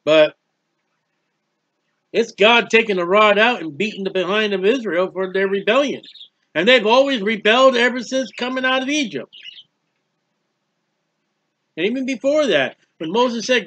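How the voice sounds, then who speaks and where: High, bright-voiced man teaching scripture. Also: lively intonation, normal speed, pauses often. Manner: emphatic, acts out quoted prayers. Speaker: Bible teacher. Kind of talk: conversational Bible teaching.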